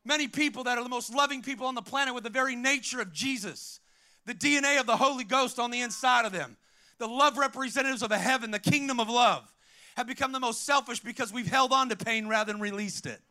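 A middle-aged pastor delivers an energetic sermon with real fire, talking fast in a strikingly high, bright, ringing voice. He tells stories as he preaches and keeps calling out to the congregation.

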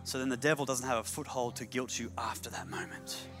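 Man preaching in mid pitch, phrases repeated. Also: fairly even intonation, brisk, music in the background. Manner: repeats key phrases for emphasis, with humorous asides. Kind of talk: sermon.

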